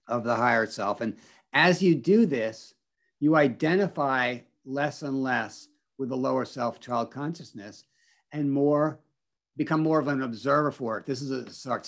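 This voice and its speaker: A man leading an online spiritual workshop on a video call, encouraging the group and repeating back their answers. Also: fairly high pitch. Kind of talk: teaching an online group session.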